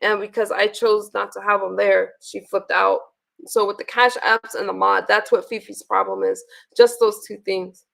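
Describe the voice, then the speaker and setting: A woman's voice: medium pitch, little pitch movement, moderate pace, vocal fry, fairly bright tone. A woman hosting a casual livestream, venting bluntly with profanity and frequent restarts. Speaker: livestream host.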